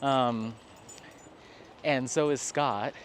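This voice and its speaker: Out on an evening dog walk by the water, this craft vlogger from Colorado, USA rambles in relaxed conversation and laughs often. He speaks very slowly in a medium-pitched voice with fairly even intonation, while traffic and town sounds come through clearly in the background.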